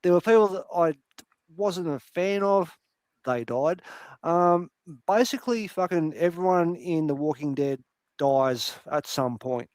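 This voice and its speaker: A man's voice: fairly high pitch, a little slow, clean tone, no room sound. A man in casual chat on a panel show, ranting and swearing freely about TV shows. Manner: heavy swearing, animated rants. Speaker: podcast panel host.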